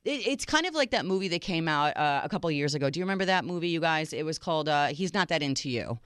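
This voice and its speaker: Smooth-voiced woman co-hosting a dating show. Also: quick pace, dry recording, studio quality. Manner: animated, swoops up high when acting out quotes. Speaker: co-host. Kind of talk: casual podcast chat.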